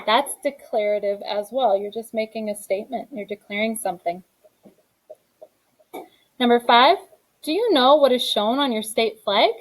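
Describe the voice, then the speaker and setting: A woman's voice: a little high, normal speed, low-quality recording. A young adult woman teaching a grammar lesson in a classroom, reading each exercise aloud and then explaining the answer.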